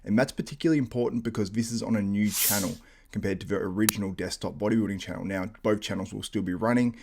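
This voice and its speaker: A man's voice: on the low side, quick pace, noisy background. A man hosting a bodybuilding podcast, chatting casually and wrapping up the show with upbeat promotional plugs. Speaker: podcast host. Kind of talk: casual chat and show outro.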